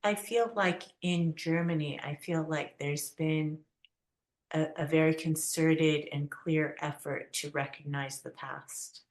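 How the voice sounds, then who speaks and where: A woman's voice: sits low, fairly even intonation, slow. A woman guest in a podcast interview, telling family stories animatedly and acting out the voices she quotes. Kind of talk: conversational storytelling. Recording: roomy echo.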